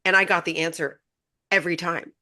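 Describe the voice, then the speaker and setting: A woman co-hosting a casual spiritual chat, reflecting with playful asides and steady agreement. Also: lowish voice, fairly quick. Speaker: podcast co-host.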